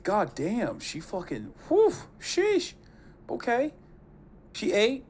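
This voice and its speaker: A man streaming live, reacting to clips with profane, animated commentary and mocking impressions. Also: sits high, slow, husky. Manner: profane, animated, mocks voices.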